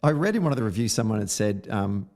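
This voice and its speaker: A man's voice: on the low side, expressive, quick pace, a little mellow. A man hosting a podcast, giving a blunt, opinionated film review in casual chat, sometimes swearing. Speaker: podcast host.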